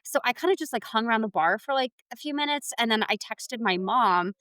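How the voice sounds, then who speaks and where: A woman co-hosting a podcast, telling stories in a casual, animated way and laughing often. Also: a little high, brisk, no room sound. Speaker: podcast co-host. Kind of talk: casual chat.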